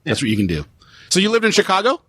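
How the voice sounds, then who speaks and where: Animated bright-voiced man hosting. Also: sits high, fast talker, slightly rough, dry recording. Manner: laid-back, jokey, swears freely. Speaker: podcast host. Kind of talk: casual podcast chat.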